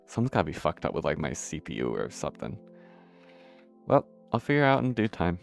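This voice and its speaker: A man's voice: low voice, huge pitch swings, fairly quick, creaky, faint music behind. A man giving casual, rambling commentary while playing a game, swearing often and poking fun at himself. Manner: rambling, profane, self-deprecating. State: out of breath. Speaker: gameplay streamer.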